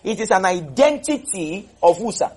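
A man's voice: high voice, sing-song, normal speed, dark tone, slightly rough. A man leading a Bible study, repeating verses and quizzing his listeners. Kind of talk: interactive Bible teaching.

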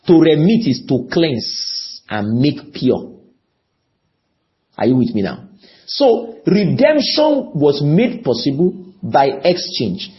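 A man preaches a sermon slowly, pleading with his listeners and often putting questions to them. His pitch swings widely, rising on key words before dropping low, and he repeats himself. The recording has its highs cut off.

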